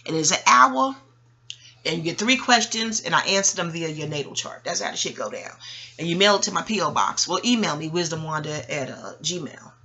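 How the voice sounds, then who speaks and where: A woman's voice: fairly low pitch, expressive, fairly quick, pushed and bright. A middle-aged woman from Harlem, talking in a rambling, profane monologue, digressing and laughing often. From New York, Harlem. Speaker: astrologer and host.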